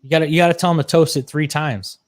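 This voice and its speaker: A man's voice: fairly high pitch, fairly even intonation, quick pace, no echo, clean studio sound. A young man co-hosting a casual podcast chat, grumbling and complaining with lots of swearing. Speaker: podcast co-host.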